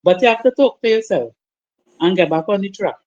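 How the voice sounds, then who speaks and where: A woman's voice: medium pitch, lively intonation, brisk, darkish tone. A woman sharing her story earnestly in a group discussion, often asking "you understand?". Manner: earnest, repetitive, laughs often. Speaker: participant. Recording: muffled lo-fi call audio.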